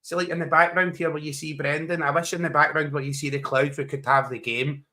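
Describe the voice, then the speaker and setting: A man's voice: a little high, little pitch movement, quick pace, pushed and bright. A man co-hosting a football watchalong livestream, teasing his co-host with laughter and casual chat.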